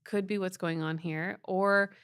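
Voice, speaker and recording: Female advice podcast co-host, low, dry close sound, affirming and casual. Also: fairly even intonation, measured pace, a bit bright, clean tone, dry recording. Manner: affirming, reads listener questions.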